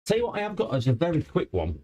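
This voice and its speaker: Man, casual livestream chat, warm tone, lots of ums and restarts. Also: on the high side, huge pitch swings, quick pace. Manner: rambling, hesitant, many fillers and restarts. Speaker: electronics repair streamer.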